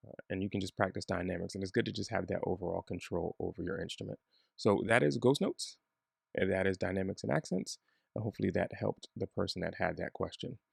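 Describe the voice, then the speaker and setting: A man giving a relaxed, chatty bass lesson, joking at his own expense. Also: quick pace, creaky, breathy edge, no echo, studio quality. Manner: relaxed, chatty, self-deprecating. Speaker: bass teacher.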